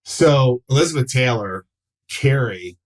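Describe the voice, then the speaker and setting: A man's voice: mid-range voice, unhurried, rough recording. A middle-aged man, an actor, talking casually on a podcast, telling stories and acting out other people's lines in put-on voices and swearing freely. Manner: animated, acts out quotes in voices, swears freely. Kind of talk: casual conversation, storytelling.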